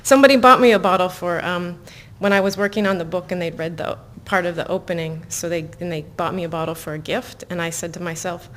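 A woman author reading her own novel aloud to listeners in an even, measured way, breaking off into casual asides full of fillers. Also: on the low side, slight background noise. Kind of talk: live book reading with chatty asides.

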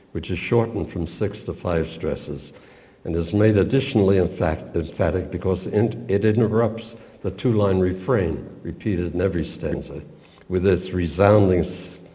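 An older man giving a measured, professorial talk on a poem, with small stumbles now and then. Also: sits low, dark tone. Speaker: literature lecturer. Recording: long reverb, roomy hall.

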